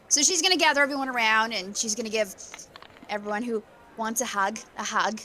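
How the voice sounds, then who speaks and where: A woman's voice: a little high, brisk, sharp tone, rough recording. A woman at a tabletop game who describes her character's actions in casual chat and laughs easily. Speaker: player.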